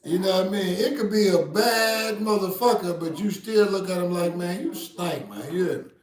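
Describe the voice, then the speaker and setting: A man hosting a podcast, telling a story in casual, profane chat with loud outbursts. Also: sits high, steady tone, fairly quick. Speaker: podcast host. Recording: roomy echo.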